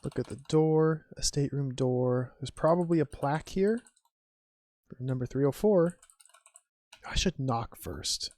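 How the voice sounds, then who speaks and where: A slightly mellow mid-range voice with no room sound belongs to a streamer casually commenting on an old adventure game. He muses wryly and slowly reads his typed commands and the game text aloud.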